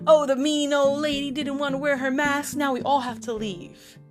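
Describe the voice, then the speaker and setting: A woman's voice: sits high, fairly even intonation, moderate pace, soft background music, close to an everyday voice. A woman doing a grumpy fussy man. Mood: scolding. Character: grumpy fussy man scolding his family.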